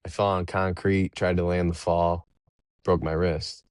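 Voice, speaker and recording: Young guy, real low voice, laid-back rambling guest stories, dry close sound. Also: little pitch movement, measured pace, clear, resonant tone, no room sound. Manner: laid-back, rambling, laughs between anecdotes. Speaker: professional baseball pitcher, podcast guest. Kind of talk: casual interview storytelling.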